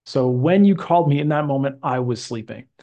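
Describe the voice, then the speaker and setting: A male English teacher explaining grammar in a deliberate, patient way. He slows down to stretch the important words so the student can follow. His pitch sits in an ordinary middle range for a man. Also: warm tone, muffled recording.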